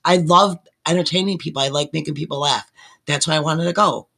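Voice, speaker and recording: A woman's voice: deep voice, brisk, gravelly, fairly bright tone. A woman in her sixties, a nurse and panelist, rambling through an emotional explanation in casual chat.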